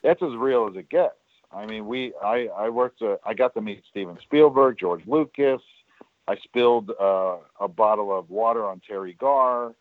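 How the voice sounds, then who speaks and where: Low-voiced guy rambling thru old work stories, lots of uh and you know, tinny phone sound. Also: moderate pace, dry recording. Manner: rambling, self-deprecating, many fillers and restarts. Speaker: guest, former studio worker. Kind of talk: casual storytelling interview.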